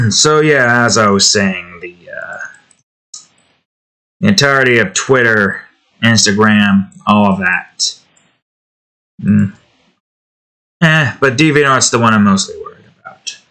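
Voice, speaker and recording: A man's voice: on the low side, animated, slow, pauses often, bright, forceful tone. A young man hosting his own art channel, rambling in an offhand, self-deprecating way as he chats and draws. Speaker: artist and channel host. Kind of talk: casual chat while drawing.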